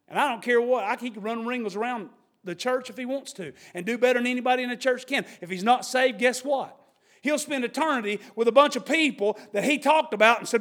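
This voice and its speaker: Male pastor, very high voice, preaching with bursts of shouting and mocking quoted voices. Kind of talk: sermon.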